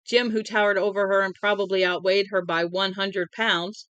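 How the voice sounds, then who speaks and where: A woman reading a novel aloud in a plain, unhurried way, with small slips, into a close mic at home. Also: medium pitch, flat delivery, fairly bright tone, smooth, no echo, highs cut off. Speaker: audiobook reader.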